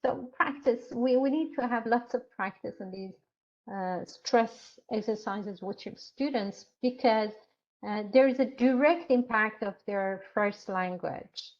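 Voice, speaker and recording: A woman instructor lectures in a slightly high voice, taking her time and pausing often to find her words. Her delivery is very slow and patient. The sound is muffled and lo-fi, like an online class. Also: a little mellow. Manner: slow, explanatory, with frequent hesitations.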